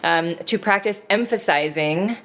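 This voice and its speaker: A woman's voice: mid-range voice, a little slow, fairly bright tone. A woman co-hosting a podcast, explaining horn practice technique in a casual teaching chat, laughing often as she goes. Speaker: podcast co-host, horn player.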